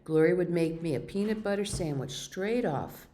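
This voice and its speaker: A woman reads a children's novel aloud with steady, expressive storytelling. Her voice sits low and sounds mellow and warm. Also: moderate pace. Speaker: reader.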